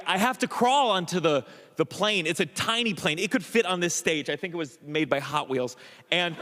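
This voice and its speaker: A man doing stand-up, telling a long story in an excitable, self-mocking way with stammered restarts. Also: a little high, long reverb tail. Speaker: stand-up comedian. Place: comedy stage.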